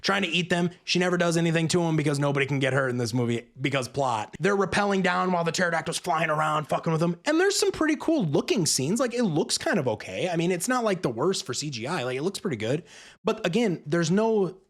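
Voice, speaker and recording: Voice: mid-range voice, sing-song, fast talker. A movie reviewer ranting casually and sarcastically, swearing freely and acting out characters in passing. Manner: profane, exasperated, sarcastic; acts out characters mid-rant.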